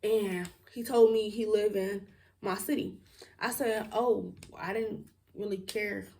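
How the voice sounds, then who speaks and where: A woman's voice: mid-range voice, steady tone, slow, a little mellow, far from the mic. Young woman, casual storytime, blunt and outspoken, a bit off-mic. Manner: outspoken, blunt, with frequent laughs and swearing. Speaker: storytime vlogger.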